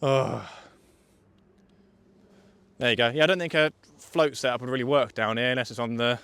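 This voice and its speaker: A young man talks viewers through a live fishing session outdoors on a riverbank. His voice is smooth and clear, sits at a middling pitch, and is recorded close and dry. He keeps it chatty and jokey, reading out questions from the chat and answering them. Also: normal speed, fairly bright tone, dry recording. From England. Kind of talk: casual live fishing commentary.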